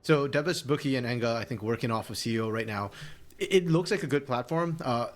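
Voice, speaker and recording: A man giving esports colour commentary, breaking down items and players in an analytical way. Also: mid-range voice. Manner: analytical, quick, chuckles often. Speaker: colour caster.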